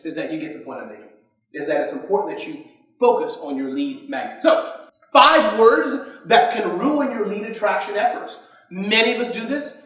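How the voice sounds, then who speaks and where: Energetic man speaking in an echoey hall. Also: high voice. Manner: energetic, keeps quizzing the audience. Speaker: conference speaker. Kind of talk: motivational business talk. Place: conference hall. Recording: echoey hall, distant mic.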